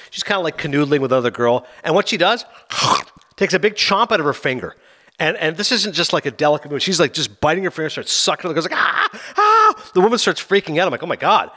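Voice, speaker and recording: A man hosting a casual film review chat, talking fast and acting out scenes in quoted voices. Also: fairly high pitch, fairly bright tone.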